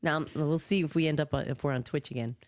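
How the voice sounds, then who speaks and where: A woman's voice: sits low, steady tone, fast, no room sound, studio quality. A woman co-hosting a podcast in casual chat, laughing often and trading teasing banter. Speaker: podcast co-host.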